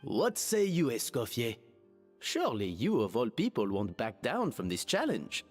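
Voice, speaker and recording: An actor playing a theatrical, genteel hotel manager in a game, speaking in flowery, grandiose phrases. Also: male voice, mid-range voice, wildly swooping pitch, normal speed. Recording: reverberant game audio with music.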